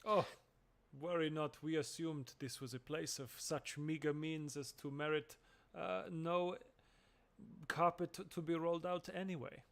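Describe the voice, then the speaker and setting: A man's voice: a little high, steady tone, unhurried. A man voicing a pompous, vain male adventurer who talks in a flowery, condescending way. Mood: haughty.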